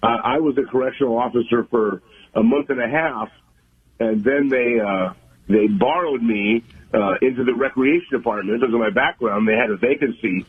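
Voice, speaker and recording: An older man from the California Central Coast, a guest on a radio interview, talking in a halting, folksy way with many fillers. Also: mid-range voice, breathy edge. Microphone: phone. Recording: tinny phone line.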